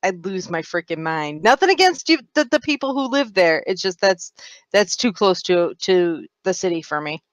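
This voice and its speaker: A woman's voice: lowish voice, expressive, normal speed, no room sound, muffled recording. A woman from upstate New York bantering emphatically with the other players before a tabletop game. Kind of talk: casual chat.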